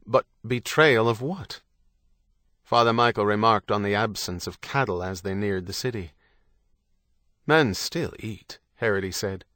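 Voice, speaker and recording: A man reading a novel aloud as an audiobook narrator, in a measured, even way. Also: fairly low pitch, dry recording, clean studio sound. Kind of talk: scripted narration.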